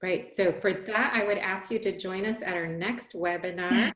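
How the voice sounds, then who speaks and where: Woman presenter, animated Q&A delivery with acted-out examples, roomy echoey sound. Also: mid-range voice, normal speed. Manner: animated, acts out examples in lively voices. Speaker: webinar presenter. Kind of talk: webinar Q&A answers. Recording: roomy echo.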